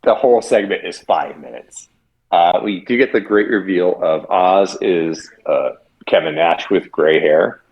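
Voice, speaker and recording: Brief: man, podcast co-host, lowish voice, wry and hesitant, casual chat. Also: measured pace, dull audio. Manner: wry, hesitant, many fillers.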